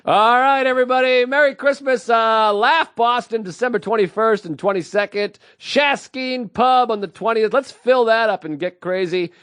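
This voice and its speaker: A man in his thirties co-hosting a podcast, dropping deadpan one-liners in casual banter. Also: very high voice, normal speed, few pauses, clear, resonant tone, no echo, clean studio sound. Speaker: podcast co-host.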